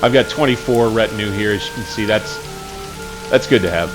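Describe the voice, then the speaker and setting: Relaxed man commenting on gameplay. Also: on the low side, fairly quick. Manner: relaxed, rambling, with fillers and self-corrections. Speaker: gaming channel host. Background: game music.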